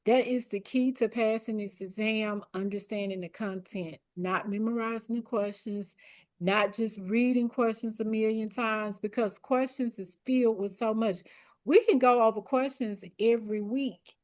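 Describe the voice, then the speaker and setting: Woman, exam coach, fairly high pitch, hoarse, clears throat often, direct and encouraging, repeats key points. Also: steady tone, moderate pace, a little mellow. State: losing her voice, clearing her throat. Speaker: academic coach. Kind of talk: online group exam coaching session.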